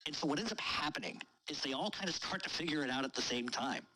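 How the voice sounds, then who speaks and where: Man, casual storyteller host, bright tone, profane and amused. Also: on the high side, animated, fast, rough recording. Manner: profane, laughing through his own story.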